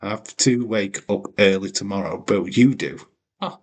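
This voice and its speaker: A man's voice: on the low side, a little slow, slightly rough. A man hosting a live watch-along stream, swearing freely and teasing his chat with mock offence. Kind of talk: casual live-stream commentary.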